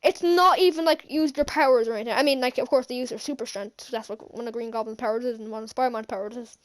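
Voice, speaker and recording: High-voiced gushing woman recapping a film. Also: fast talker, hardly any pauses. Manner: gushing, rambling, many fillers and restarts. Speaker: vlogger. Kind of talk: excited movie recap.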